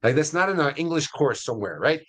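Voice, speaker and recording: A middle-aged man with a US Hispanic accent, hosting a webinar in a casual, energetic way with many fillers and restarts. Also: on the high side, fast. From Latin America. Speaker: webinar host.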